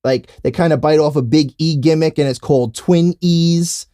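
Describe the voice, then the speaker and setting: A man's voice: a little high, moderate pace, dark tone, no echo, clean studio sound. A man co-hosting a casual podcast, laid-back and joking, laughing often and swearing freely. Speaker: podcast co-host. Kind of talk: casual chat.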